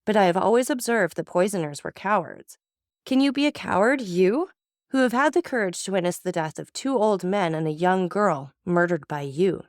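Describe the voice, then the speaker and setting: A woman's voice: medium pitch, animated, normal speed, dry recording, studio quality, natural voice. A woman voicing a stern, cold-blooded male magistrate who speaks with contempt and accusation. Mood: accusing.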